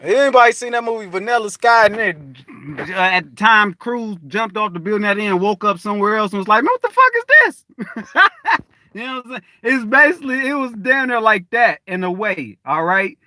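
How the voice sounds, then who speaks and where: Casting note: high-voiced man, rambling profane monologue, dry close sound. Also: a little fast, dry recording. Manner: rambling, profane, animated storytelling with frequent restarts. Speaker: spiritual vlogger. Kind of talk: casual spiritual monologue to viewers.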